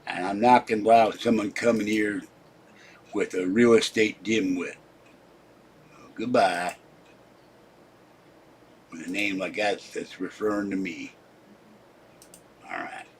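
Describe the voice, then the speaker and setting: A man's voice: fairly low pitch, slow, pauses often, a little hiss or hum. An older man hosting a live stream, rambling and scolding his chat viewers in an irritable, complaining way. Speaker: livestream host.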